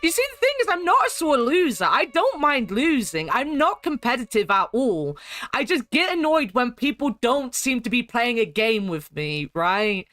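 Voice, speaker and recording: A woman's voice: fairly high pitch, very animated, normal speed, a bit bright, dry recording. Chatty woman streamer. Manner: chatty, laughing, reads chat aloud. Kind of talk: casual chat while playing a game.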